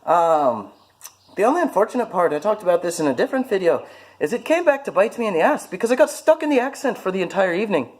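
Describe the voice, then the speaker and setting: A vlogger talks casually to the camera about his hobbies, rambling, poking fun at himself and using many fillers. His voice sits high, and he talks fast in a sing-song way.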